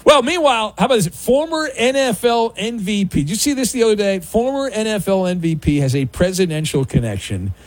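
A man's voice: high-pitched, very animated, darkish tone, no room sound. A man hosting a sports talk radio show, bantering with callers and running through football news. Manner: brisk, bantering, jumps between callers and news.

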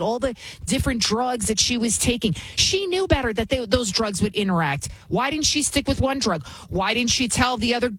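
A woman's voice: on the high side, slightly rough, no room sound. A woman hosting her own commentary show, speaking with indignant emphasis and repeating phrases for effect. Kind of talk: opinionated commentary.

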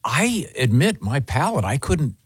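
A man's voice: medium pitch, big pitch swings, measured pace, breathy edge, no room sound. A man co-hosting a morning radio show in a studio, bantering casually with dry jokes and lots of ums and uhs. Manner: dry jokey delivery with many fillers. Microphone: studio microphone.

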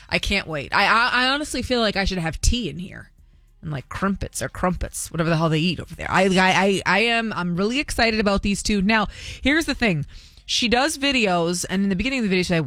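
A woman's voice: medium pitch, animated, a bit bright, no room sound. Bubbly woman hosting morning radio. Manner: bubbly, gushing, quick asides. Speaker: radio show host. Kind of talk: excited morning show chat.

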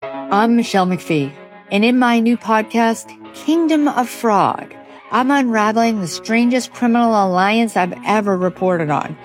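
A woman's voice: fairly high pitch, expressive, measured pace, faint music behind. Woman reading a dramatic podcast promo. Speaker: podcast host. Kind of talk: scripted promo narration.

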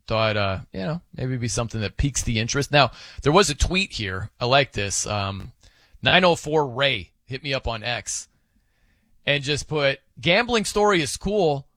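A man's voice: on the high side, pushed and bright, no echo. A man hosting a sports radio show in casual, rambling, self-amused banter at a studio microphone.

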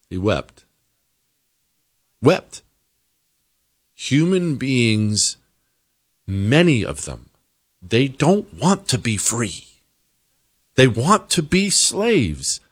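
An American man hosting a talk show, delivering an emphatic opinion monologue that climbs into high-pitched exasperation. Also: big pitch swings, slow pace, long pauses, fairly bright tone. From United States. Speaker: political talk show host.

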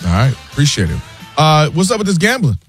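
A man co-hosting sports talk radio, telling stories and quoting friends in animated voices. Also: a little high, quick pace, soft background music. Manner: lively storytelling, quotes friends in animated voices.

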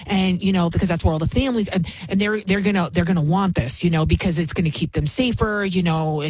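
A woman's voice: fairly low pitch, quick pace, hardly any pauses, husky, dry recording, rough recording. A woman giving opinionated political commentary, emphatic and mocking, firing off rhetorical questions. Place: New York City.

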